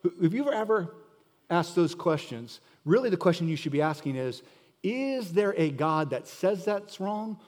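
A man's voice: high voice, lively intonation, moderate pace, a little mellow. A middle-aged man preaching a sermon as pastor, emphatic and asking the listeners pointed questions. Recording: long hall reverb.

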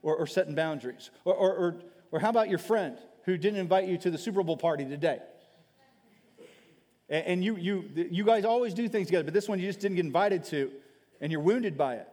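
A man preaching a sermon as a pastor, animated, acting out quoted speech and often repeating his words. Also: sits high, fairly quick. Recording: large hall with long reverb.

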